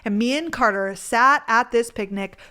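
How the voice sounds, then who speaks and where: Gushing young woman, higher voice. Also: normal speed, pushed and bright, smooth. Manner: gushing, rambling, filler-heavy with frequent "like". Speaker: vlogger. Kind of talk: casual storytime chat.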